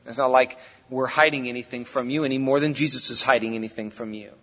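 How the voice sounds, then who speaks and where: Speaking fast in a steady, fairly bright medium-pitched voice, a pastor delivers a folksy, conversational sermon. The recording, made in a church hall, is reverberant with a dull lo-fi quality.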